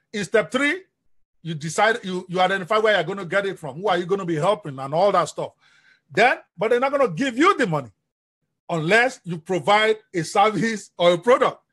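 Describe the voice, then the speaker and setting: A man giving an energetic live-stream business coaching talk, often asking his audience questions. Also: high voice, slightly rough.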